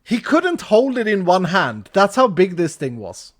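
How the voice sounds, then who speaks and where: A little slow and fairly high in pitch, a man from Sweden in his thirties narrates a story in English during a gaming live stream. The telling is animated, broken up by restarts and laughs.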